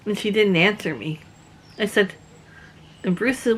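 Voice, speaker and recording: A woman from Canada casually telling personal stories as a vlogger, chatty and quick to laugh. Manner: chatty, laughs often, acts out quotes in a higher voice. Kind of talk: casual storytelling.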